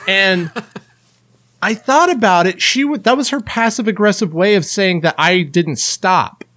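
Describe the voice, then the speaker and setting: A man co-hosting a podcast, telling an annoyed story in casual, profane chat. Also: measured pace. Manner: animated, profane, rants with rising pitch. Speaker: podcast co-host.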